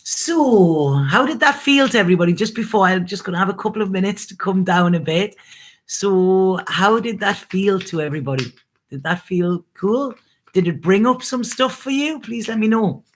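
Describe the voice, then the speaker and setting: A woman's voice: medium pitch, normal speed, a little hiss or hum. Tarot reader, woman, casual spiritual live-stream host; earnest, emphatic, easy laugh, mid-range voice. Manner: earnest and emphatic, laughs easily, drops a swear now and then.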